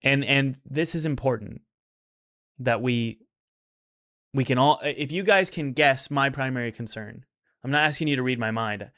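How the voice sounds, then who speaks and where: A man's voice: medium pitch, normal speed, long pauses, fairly bright tone. Rambling man reviewing games on stream. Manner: rambling and upbeat, with many restarts. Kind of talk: casual livestream commentary.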